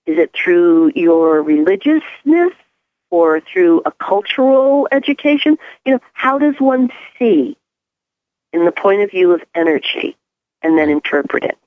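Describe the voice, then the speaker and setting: A woman's voice: on the low side, very animated, unhurried, no room sound. A woman with a New York accent, a guest on an interview show, musing and asking herself rhetorical questions. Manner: reflective, asks rhetorical questions. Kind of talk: casual chat. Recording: tinny phone-like line.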